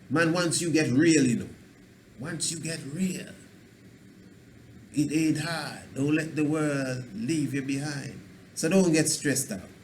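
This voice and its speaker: A man's voice: a little high, slight background noise. Rambling preachy man with a lilt. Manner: preachy, rambling, plays out little scenes in a dialect voice. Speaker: spiritual teacher. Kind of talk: radio self-help talk.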